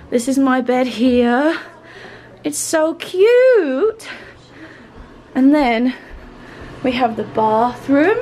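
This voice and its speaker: A woman's voice: sits high, a little mellow. A woman in her twenties, from Britain, chatting casually into a handheld camera as a travel vlogger, bubbly and easily delighted. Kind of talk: casual vlog narration. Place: on the road, indoors and outdoors. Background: background noise and vehicle sounds.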